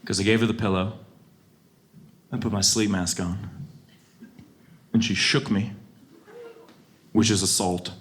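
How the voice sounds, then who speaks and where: A man performing a stand-up comedy set on a club stage, swinging between quiet deadpan and loud outbursts. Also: lowish voice, measured pace, pauses often. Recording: live show with audible audience noise.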